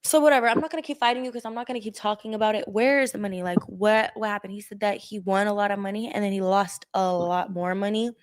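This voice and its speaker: A woman's voice: medium pitch, fast talker, few pauses. A woman telling a rambling story in casual chat, laughing and acting out what people said. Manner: rambling, laughing, acts out quotes.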